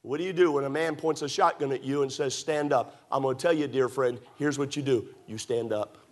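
A man's voice: mid-range voice, steady tone, a little fast. A man preaching a sermon, building with emphatic rhetorical questions and storytelling. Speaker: pastor.

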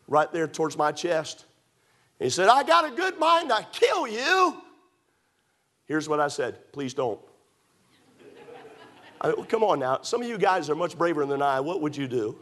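A man's voice: a little high, normal speed. A man preaching a sermon, building with emphatic rhetorical questions and storytelling. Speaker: pastor.

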